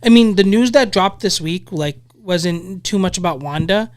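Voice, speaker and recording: Young woman chatting on a podcast, super eager, says like a lot, smooth clear voice. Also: lowish voice, normal speed, darkish tone. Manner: eager, chatty, lots of likes. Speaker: podcast co-host. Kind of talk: casual chat.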